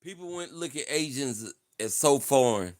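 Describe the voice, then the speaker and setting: A man's voice: mid-range voice, expressive, moderate pace, darkish tone, clean tone. Boastful man on a playful livestream. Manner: playful, repeats himself, boastful mock-campaign talk. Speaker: livestream host. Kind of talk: casual livestream chat.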